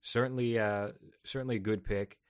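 A man co-hosting a podcast, reviewing a film in measured, deadpan critic phrasing. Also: on the low side, smooth, no room sound, clean studio sound. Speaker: podcast co-host.

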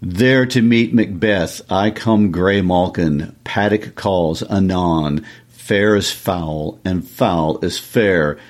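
A man reading a chanting witch. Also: low voice. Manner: slow chanting verse. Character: eerie chanting witch, one of three weird sisters.

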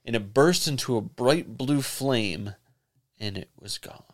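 A man's voice: medium pitch, unhurried. A man co-hosting a podcast, narrating folklore, laughing often and teasing his partner. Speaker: podcast co-host. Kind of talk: casual comedic chat.

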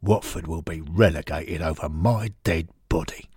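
A man voicing a gruff, dismissive former footballer who growls his lines. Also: extremely low pitch, normal speed, a little mellow, no echo, studio quality, full character voice. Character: gruff retired footballer turned committee man.

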